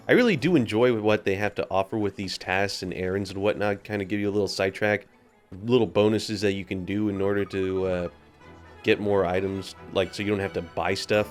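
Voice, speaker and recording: A man casually commenting on his gameplay, rambling and trailing off as he explains side quests. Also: lowish voice. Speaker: let's play gamer.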